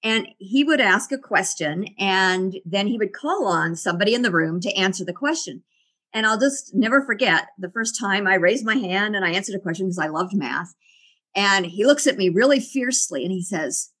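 Woman guest, middle-aged, reflective storyteller, quick to laugh, conversational. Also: mid-range voice, expressive, a bit bright, slightly rough. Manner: reflective, laughs often while telling stories. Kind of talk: casual interview storytelling.

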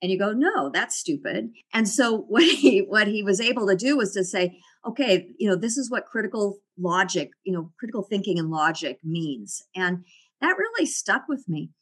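A woman's voice: mid-range voice, expressive, normal speed, fairly bright tone, breathy edge. A middle-aged woman talking as an interview guest, reflective and often laughing. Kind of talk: casual interview conversation.

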